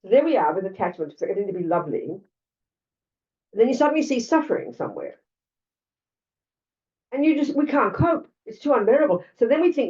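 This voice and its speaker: A woman's voice: a little high, very animated, brisk, pauses often, mellow. An older Australian woman giving a Buddhist dharma talk in a blunt, conversational way, full of asides to her listeners. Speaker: Buddhist teacher. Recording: lo-fi, distant mic.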